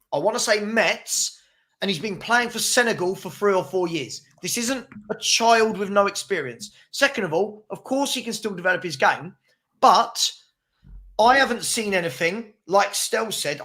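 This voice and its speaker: A man's voice: high-pitched, pushed and bright. A man hosting a casual live football chat, arguing his points and urging viewers to subscribe. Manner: chatty, argumentative, keeps urging viewers to subscribe. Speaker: channel host.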